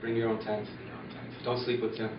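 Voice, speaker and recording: A man's voice: medium pitch, monotone, normal speed, background noise. Man teasing in a farewell tribute. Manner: teasing, storytelling. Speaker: colleague giving a retirement tribute. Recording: echoey, distant, dull lo-fi.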